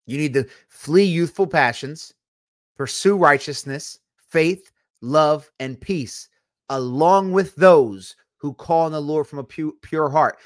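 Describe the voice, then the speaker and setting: A man's voice: a little high, slow pace, no room sound, studio quality. A young man, preaching a sermon in a blunt, conversational way with teasing asides. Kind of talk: sermon-style teaching.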